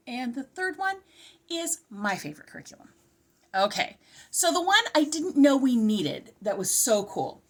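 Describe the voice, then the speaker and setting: Middle-aged mom reviewing homeschool books, kinda breathless, pitch bounces all over, voice on the high side. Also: female voice. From California. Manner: chatty, animated, self-interrupting. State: slightly out of breath. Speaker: homeschooling vlogger. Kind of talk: casual curriculum review.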